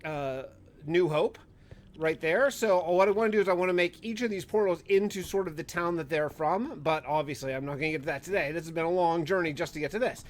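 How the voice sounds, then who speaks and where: A man's voice: a little high, a little fast. A man giving casual, rambling commentary over his own gameplay, often correcting himself mid-sentence. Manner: rambling, self-correcting, gets exasperated. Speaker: Minecraft YouTuber.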